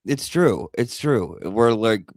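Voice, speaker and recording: A man's voice: lowish voice, sing-song, slow. A man hosting a casual livestream chat, talking loosely with lots of fillers and restarts. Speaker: livestream host.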